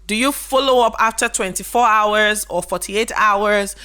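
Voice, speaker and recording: A woman's voice: mid-range voice, measured pace, pushed and bright, clean tone. Woman teaching with rhetorical questions. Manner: conversational, explains with rhetorical questions; repeats key points for emphasis. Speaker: business educator. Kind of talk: casual instructional talk to camera.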